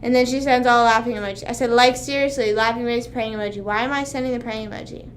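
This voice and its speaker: A woman in her twenties chatting casually on a livestream, rambling and animated, with frequent swearing. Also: on the high side, fast, a little hiss or hum. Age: 20s. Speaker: streamer.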